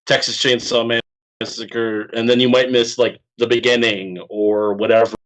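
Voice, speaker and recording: A man's voice: medium pitch, little pitch movement, normal speed, fairly bright tone, low-quality recording. A man co-hosting a casual podcast, chatty and rambling with fillers, often laughing. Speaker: podcast co-host.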